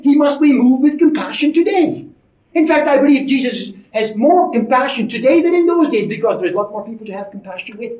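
A man's voice: very high voice, darkish tone. A man preaching a sermon in an emphatic, conversational way, with frequent asides to his listeners. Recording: roomy, distant, dull lo-fi sermon recording.

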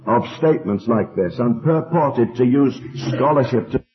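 A man leading a Bible study meeting, teaching in a measured, emphatic way and slowing down on quoted verses. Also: medium pitch, lively intonation, crowd noise. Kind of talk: teaching and leading group discussion. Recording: dull, tinny old tape recording.

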